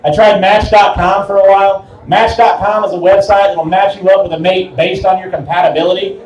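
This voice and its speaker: A man's voice: high-pitched, little pitch movement, fairly quick, darkish tone, lo-fi sound. A young man doing a crude, self-mocking stand-up set in a small bar. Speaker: stand-up comedian. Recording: echoey bar from far off.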